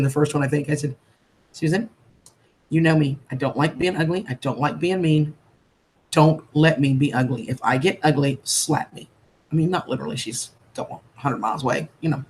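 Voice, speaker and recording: A woman chatting on a live stream, greeting viewers as darling and sweetheart in a chatty, heartfelt way. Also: low voice. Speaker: livestreamer. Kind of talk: casual live-stream chat.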